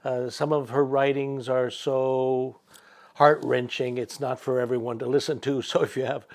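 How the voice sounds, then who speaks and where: A man's voice: mid-range voice, flat delivery, normal speed. A man hosting a podcast interview, supportive and hesitant with frequent restarts. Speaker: podcast host, counselor.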